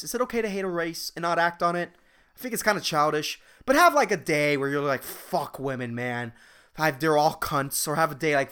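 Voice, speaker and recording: A man's voice: a little high, fairly bright tone, smooth. A man hosting a solo podcast in a casual, profane, rambling rant, often laughing at his own jokes. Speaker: podcast host.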